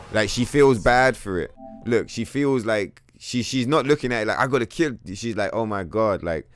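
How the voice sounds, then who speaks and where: Live-streaming a game, a man keeps up a running commentary at a moderate pace, his voice fairly low and free of echo. He's excitable and profane, cursing liberally and mouthing off at the on-screen enemy.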